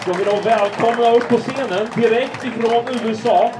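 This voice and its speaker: Brief: male emcee, very high loud announcing voice, distant, echoey room with music. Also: normal speed, crowd noise, noisy background. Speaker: comedy show host. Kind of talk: introducing the next act.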